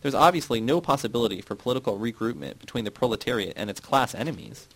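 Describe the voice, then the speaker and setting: A man's voice: mid-range voice, lively intonation, quick pace, a bit bright, poor audio. A man reading the part of a dogmatic male party loyalist who lectures and dismisses others. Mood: lecturing.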